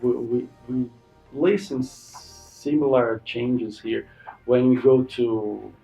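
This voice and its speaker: A man with a Brazilian Portuguese accent hosting an interview, his English halting and his Portuguese quick. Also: mid-range voice, steady tone, creaky, mellow, roomy sound, muffled recording, faint music behind. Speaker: interview host. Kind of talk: casual interview chat.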